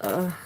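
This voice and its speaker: A woman's voice: darkish tone, slight background noise. A woman doing a casual live tarot reading who talks loosely, swears freely and greets viewers by name. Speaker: tarot reader.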